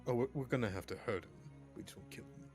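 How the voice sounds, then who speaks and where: A man playing a tabletop role-playing game, speaking in a measured way. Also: mid-range voice, a little mellow, faint music behind. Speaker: player.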